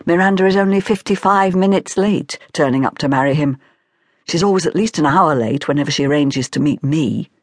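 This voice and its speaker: A woman voicing a gossiping society woman in whispered role-play, hushed and confiding. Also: deep voice, fairly quick, no room sound, studio quality. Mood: gossipy.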